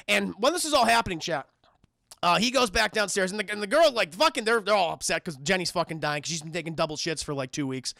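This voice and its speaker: Guy streamer rambling a movie recap to chat, high bright voice, gravelly edge. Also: fast, no room sound, clean studio sound. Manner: crude, animated retelling with asides to chat. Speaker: film reviewer streaming to chat. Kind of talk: casual live-stream recap.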